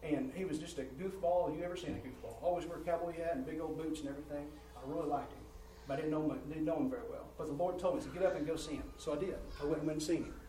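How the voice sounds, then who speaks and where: A man preaching a sermon, rising in volume and pitch as he presses his points and often repeating words. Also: very fast, few pauses, mellow. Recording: roomy church sound from a distant mic.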